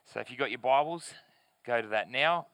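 A pastor preaching a sermon in church, reading scripture aloud and explaining it in an earnest, emphatic way with deliberate pauses. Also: male voice, mid-range voice, fairly bright tone, smooth, dry recording. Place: church service in front of a screen.

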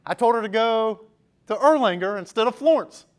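A man voicing his father, a calm and sly lawn-mowing dad who speaks in a dry, understated way. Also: sits high, moderate pace, voice pushed up.

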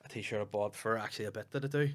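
Fast-talking Northern Irish man, storyteller. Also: lowish voice. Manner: animated storytelling, acting out quotes. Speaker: stand-up comedian and podcast co-host. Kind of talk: casual podcast chat.

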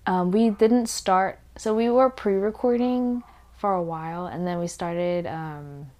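A young woman hosting a casual podcast, congested, rambling and correcting herself, often dropping to quiet asides. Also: fairly low pitch, fairly even intonation, measured pace. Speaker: podcast host. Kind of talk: casual chat recap.

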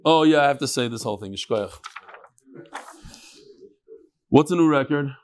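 Speaking at a normal speed with a mid-range, slightly mellow voice and lively intonation, a man teaches a laid-back daily Talmud class; the recording carries a little hiss or hum. He chants the Aramaic, explains it in chatty English, and jokes and argues with the live study group in the room.

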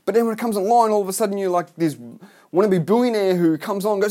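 Fast-talking man on a blunt rant. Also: sits high, mellow. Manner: blunt, profane, exasperated; rambling with restarts. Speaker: online business coach. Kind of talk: ranting vlog monologue.

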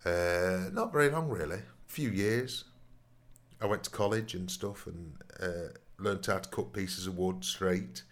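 A man's voice: low-pitched, fairly bright tone. A man telling long, rambling stories in a casual podcast chat, often adding "you know what I mean". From Nottingham, England. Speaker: podcast co-host.

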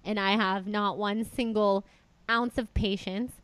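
A woman's voice: medium pitch, measured pace, no echo, low-quality recording. Young female podcast host, gushing and dramatic, dry close mic. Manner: excitable, chatty, exaggerating. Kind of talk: casual chat.

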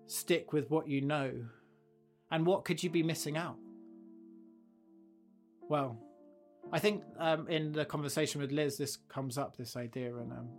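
A man hosting a podcast, telling a fable and then reflecting on it in a gentle, thoughtful way. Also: on the high side. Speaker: podcast host. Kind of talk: storytelling and reflective commentary.

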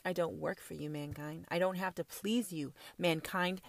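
A woman delivering a profane, ranting monologue as a self-styled prophetess, swinging from loud outbursts to whispers. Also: lowish voice, fairly even intonation, normal speed, gravelly, hardly any pauses, no room sound, clean studio sound.

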